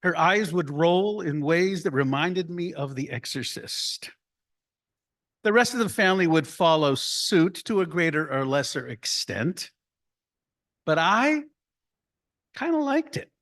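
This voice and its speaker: A man, a rabbi, giving a slow, deliberate report and story to his congregation at an annual meeting. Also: fairly high pitch, expressive, a bit bright. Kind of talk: congregational address. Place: room filled with people.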